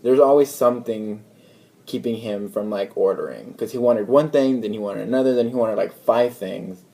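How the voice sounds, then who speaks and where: A man's voice: on the low side, moderate pace, gravelly, mellow. A young man casually telling a story to the camera as a vlogger, rambling and chatty, filling his talk with "like" and acted-out bits of dialogue. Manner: rambling, chatty retelling full of "like" and quoted dialogue.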